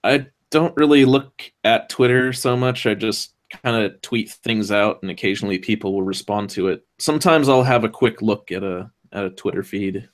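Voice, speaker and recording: A man's voice: on the low side, moderate pace, few pauses. A man chatting casually on a stream, hesitant and full of restarts. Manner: hesitant, many ums and restarts. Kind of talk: casual chat.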